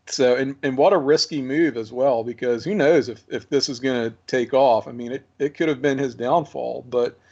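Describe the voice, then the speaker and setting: A man hosting a podcast, talking in a relaxed and reflective way. He chuckles softly and repeats words while he works out a thought. The sound is a bit muffled. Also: mid-range voice, normal speed, hardly any pauses. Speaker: podcast host. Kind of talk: casual chat.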